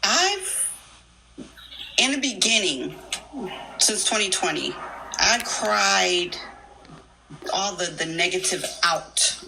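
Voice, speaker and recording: A woman in her fifties giving a personal testimony on a live stream, speaking in a slow, halting, heartfelt way. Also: on the low side, expressive, creaky, bright, forceful tone, slight background noise, rough recording. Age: 50s. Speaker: guest sharing a testimony.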